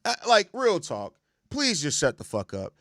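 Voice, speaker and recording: Young man, high lively voice, exasperated profane rant, dry close sound. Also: a little slow, no echo. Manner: exasperated, profane, ranting, repeats himself. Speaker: sports podcast host. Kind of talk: heated casual sports commentary.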